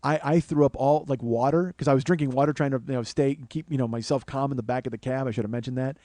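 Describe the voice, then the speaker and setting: A man's voice: mid-range voice, steady tone, quick pace, mellow, dry recording. Profane man telling a comic story. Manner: profane, rambling, self-mocking storyteller. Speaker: comedy podcast host.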